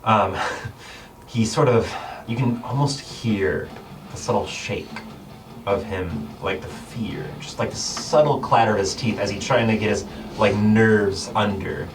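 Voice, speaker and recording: A man's voice: lowish voice, unhurried. A man narrating as game master of a tabletop game, describing the action with many fillers and small laughs. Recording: distant mic with background music.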